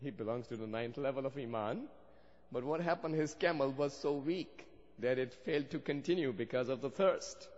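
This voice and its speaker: Preacher with a long hall echo. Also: male voice, medium pitch, moderate pace, darkish tone. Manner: storytelling, rising to fervent emphasis. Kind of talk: sermon. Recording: dull sound with long hall reverb.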